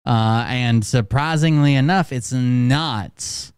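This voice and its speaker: A man's voice: medium pitch, slow pace, few pauses, a little mellow, clean tone, no echo, clean studio sound. A man hosting a reaction show, giving blunt, mocking commentary over clips and swearing freely.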